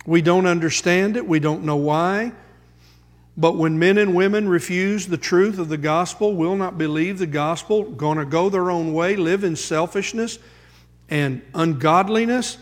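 A man preaching a sermon as pastor, quoting scripture and building to emphatic high points. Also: unhurried, in a large hall.

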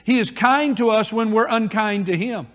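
High-voiced preacher in a reverberant church. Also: male voice, a bit bright. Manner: preaching with emphatic repetition and rising, slowing phrases. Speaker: pastor. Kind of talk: sermon. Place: church sanctuary. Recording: long reverb of a church hall.

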